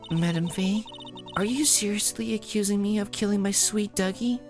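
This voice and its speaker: A man voicing a sweet-talking young woman who plays innocent, in a soft, sugary tone. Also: high voice, moderate pace, faint music behind, voice pushed up. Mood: wounded.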